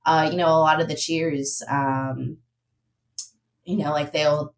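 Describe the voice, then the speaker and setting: A woman's voice: deep voice, steady tone, slow pace, low-quality recording. A young woman guest on a podcast, an athletic trainer chatting casually and rambling with lots of "like" and "um". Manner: rambling, heavy on "like" and "um".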